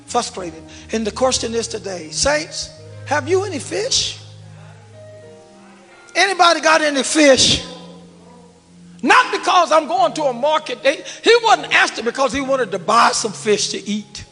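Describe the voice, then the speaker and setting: A pastor with a very high, bright, forceful voice preaches to his congregation, calling out to them and dropping to hushed asides. His voice rings through a large church hall with a long reverb tail, and soft organ music plays under him. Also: normal speed. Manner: preaching with call and response, swinging from shouts to low murmurs. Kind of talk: sermon.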